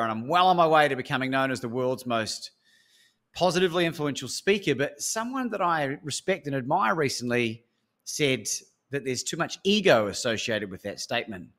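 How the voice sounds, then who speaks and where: A man's voice: medium pitch, a bit bright. An Australian man, a speaker and coach, telling a story as an interview guest and acting out the phone calls.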